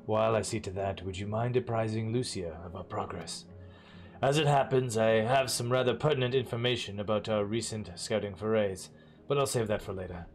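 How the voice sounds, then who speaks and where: A man voicing a calm male ally who reports back in a soft, even way. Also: lowish voice, a little fast, soft background music, close to an everyday voice.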